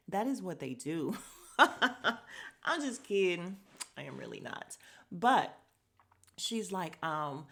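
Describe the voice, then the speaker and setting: A young woman hosting a casual podcast recap, animated and swearing freely, acting out scenes in quick little voices. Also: medium pitch. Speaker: podcast host.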